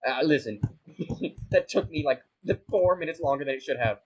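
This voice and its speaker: A man's voice: fairly high pitch, normal speed, husky, poor audio. Flustered, self-mocking young man gaming. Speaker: gaming YouTuber. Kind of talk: casual gameplay commentary.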